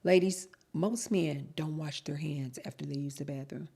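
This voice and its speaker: A woman's voice: sits low, moderate pace, creaky, warm tone, husky. A woman vlogger chatting casually to her viewers, telling a story and acting out both sides of the dialogue. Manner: chatty, storytelling, addresses viewers as you guys; acts out both sides of quoted exchanges.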